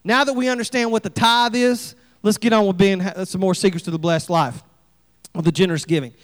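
Preacher guy, real high voice, folksy and lively, big echoey church hall. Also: fairly quick. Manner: folksy, animated preaching with acted-out asides. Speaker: pastor. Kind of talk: sermon. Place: church sanctuary.

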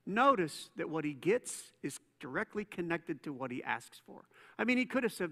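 A man preaching a sermon as a pastor, conversational and playful, telling stories with quick asides. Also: a little high, very animated, vocal fry, fairly bright tone. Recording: long reverb in a church hall.

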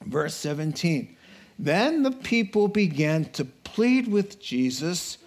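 A man preaching a sermon, animated, acting out crowd voices and rising to excited outbursts. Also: on the high side, slow.

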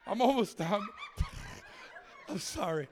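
A middle-aged man preaching a sermon, telling a story in an animated way, often shouting and breaking into laughter. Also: high-pitched, takes it slowly, a little hiss or hum.

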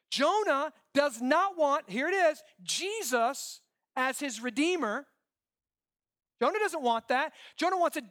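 A man preaching a sermon, animated, acting out quoted voices and asking "right?" often. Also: extremely high pitch. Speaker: pastor.

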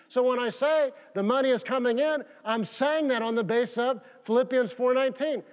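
A man's voice: extremely high pitch, moderate pace, few pauses. A male pastor preaching a sermon, repeating phrases emphatically and prompting the congregation to answer back. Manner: repetitive, emphatic preaching with call-and-response prompts. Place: church sanctuary. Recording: long reverb of a church hall.

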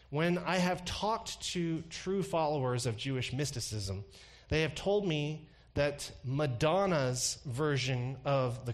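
Emphatic preaching man, higher voice. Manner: emphatic, rising to loud peaks then dropping low. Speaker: pastor. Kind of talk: sermon.

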